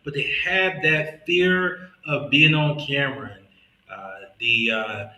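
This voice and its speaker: A man's voice: a little high, lively intonation, takes it slowly, bright, forceful tone, reverberant, low-quality recording. A man from Mississippi with a Southern accent and a slight lisp, hosting a podcast in earnest, motivational casual conversation. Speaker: podcast host.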